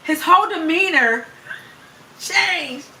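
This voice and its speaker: A woman's voice: very high voice, lively intonation, slow pace, pushed and bright, slight background noise. A woman hosting a casual live stream, chatting with viewers, greeting them by name and laughing often. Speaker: livestream host. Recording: echoey room, voice from off the mic.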